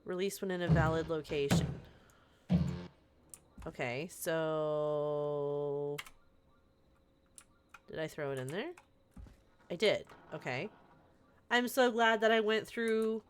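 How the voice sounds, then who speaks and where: A woman's voice: fairly low pitch, moderate pace, slight background noise. A young adult woman streaming a game, chatting casually in a rambling, playful way with lots of asides. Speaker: live streamer. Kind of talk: casual chat while playing a game on stream.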